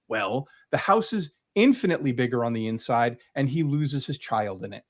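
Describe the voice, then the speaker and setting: A man's voice: mid-range voice, animated, brisk, hardly any pauses. Enthusiastic rambling man. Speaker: guest comic creator showing his collection. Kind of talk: casual video chat.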